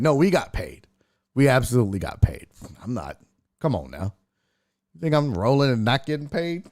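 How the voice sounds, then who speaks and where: Telling jokey stories and reading chat messages aloud, this host runs a laid-back sports and entertainment livestream. His mid-range voice is sing-song and a little mellow at normal speed, captured in a dry, clean studio recording.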